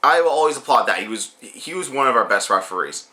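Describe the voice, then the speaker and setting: Young man, rambling casual review, lively swinging pitch, bright edgy tone. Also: quick pace. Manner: rambling, joking, swearing. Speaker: wrestling show reviewer.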